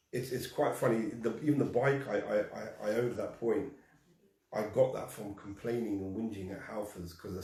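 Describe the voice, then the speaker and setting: A man telling a personal story in a lively way, acting out the dialogue and laughing at himself. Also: on the low side. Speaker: guest. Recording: echoey room, distant from mic.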